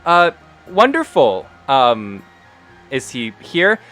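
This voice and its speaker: A man voicing a tiefling woman adventurer who talks in a smooth, coaxing way. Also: medium pitch, huge pitch swings, slow, fairly bright tone, soft background music, heavily acted.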